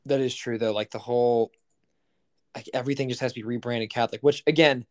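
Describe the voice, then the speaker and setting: Young male podcast co-host, mid-pitched, rambling and profane, chatty. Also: fairly even intonation, fast. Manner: rambling, heavy on fillers and profanity. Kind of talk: casual chat.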